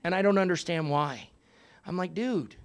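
A man in his sixties telling a story at a recovery meeting, animated and profane, swinging from hushed asides to loud outbursts. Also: high-pitched, moderate pace, clear, resonant tone. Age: 60s. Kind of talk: storytelling talk.

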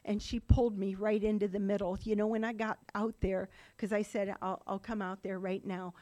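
A woman's voice: mid-range voice, level tone, normal speed, warm tone. A middle-aged woman sharing her personal recovery story in a rambling, run-on way, with laughing asides. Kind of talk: personal testimony talk.

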